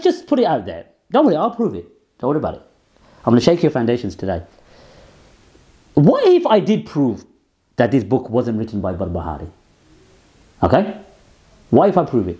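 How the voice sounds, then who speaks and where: Combative man with a lively voice. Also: mid-range voice. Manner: combative, sarcastic, emphatic. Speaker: host. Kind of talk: rebuttal commentary.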